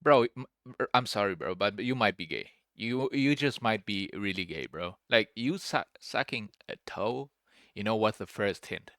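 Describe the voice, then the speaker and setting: A man's voice: lowish voice, animated, moderate pace, fairly bright tone, no room sound, studio quality. A young man giving casual, rambling commentary as a streamer reacting to a clip, restarting his sentences often and calling everyone "bro". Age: young adult.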